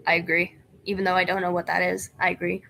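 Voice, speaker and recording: A young woman hosts a casual game stream, her voice bright and forward. She laughs often and reads the on-screen story and chat aloud between remarks. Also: fairly low pitch, completely flat delivery, fast, vocal fry, slight background noise.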